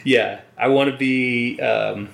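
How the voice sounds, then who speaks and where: A man's voice: medium pitch, fairly even intonation, takes it slowly, gravelly, a bit bright. A man co-hosting a podcast in casual chat, laid-back and enthusiastic, swearing freely. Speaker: podcast co-host. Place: indoor recording room.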